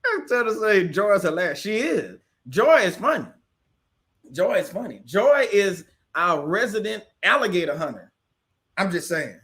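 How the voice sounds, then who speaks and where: A man's voice: high voice, big pitch swings, unhurried, a bit bright. A man from the casually hosting a livestream, chatting with viewers and answering their comments, often laughing. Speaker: livestream host.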